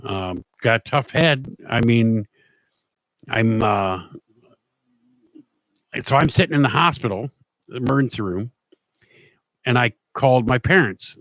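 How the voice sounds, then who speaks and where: A middle-aged man spins a story in a loose, rambling way, often restarting his sentences. His voice sits at an ordinary middle pitch. It is recorded dry, with no room sound. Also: animated, unhurried, pauses often, a bit bright, no room sound. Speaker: show host. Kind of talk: casual storytelling monologue.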